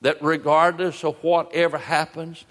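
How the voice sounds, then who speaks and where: Pastor preaching in a reverberant church. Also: male voice, a little high, little pitch movement, fairly bright tone. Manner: repetitive rhetorical questions, drawn-out emphasis. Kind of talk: sermon.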